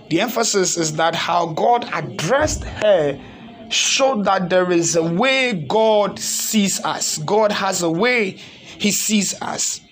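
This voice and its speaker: A man's voice: high-pitched, fairly bright tone. A man preaching a sermon in an earnest, pleading way, repeating his points.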